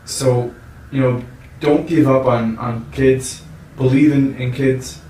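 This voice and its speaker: A male co-host speaks earnestly and reflectively, often restarting his sentences. His voice sits at a middle pitch. The mic is set back in a roomy space. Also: steady tone, takes it slowly, mellow, a little hiss or hum. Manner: earnest, reflective, repeats words as he thinks. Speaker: podcast co-host. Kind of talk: casual chat. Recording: roomy sound from a distant mic.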